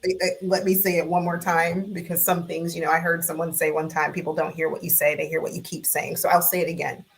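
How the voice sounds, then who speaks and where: A woman on a video call, a podcast guest in casual sports talk, measured and lawyerly, repeating her points. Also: lowish voice, little pitch movement, slight background noise.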